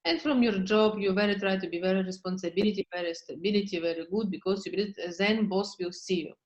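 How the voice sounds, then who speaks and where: A woman therapist coaching a client in slow, halting English with many fillers. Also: medium pitch, dull audio. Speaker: therapist leading a session.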